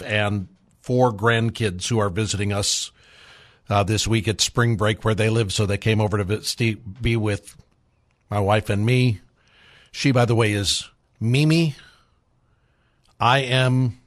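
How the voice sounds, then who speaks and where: Older male radio host, slow delivery, rambling and self-deprecating. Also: medium pitch. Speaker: radio talk show host. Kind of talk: live call-in radio talk.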